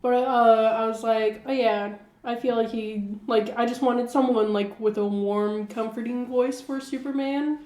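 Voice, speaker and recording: Woman co-host, slow unhurried delivery, giggly and chatty, recorded in a roomy echoey room. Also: fairly high pitch, steady tone, warm tone. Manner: giggly, heavy use of "like" fillers. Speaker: podcast co-host. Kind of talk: casual chat.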